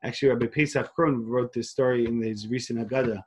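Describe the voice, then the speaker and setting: This Queens, New York rabbi, an organization leader appearing as an interview guest, speaks quickly in a mid-range voice with fairly even intonation and a breathy edge. His telling is earnest, full of restarts, and sprinkled with Hebrew and Yiddish.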